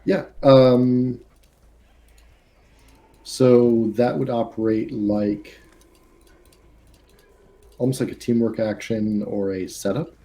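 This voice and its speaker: A man running a tabletop game over a video call, explaining the rules in a relaxed, rambling way. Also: medium pitch, slow pace, pauses often. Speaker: game master.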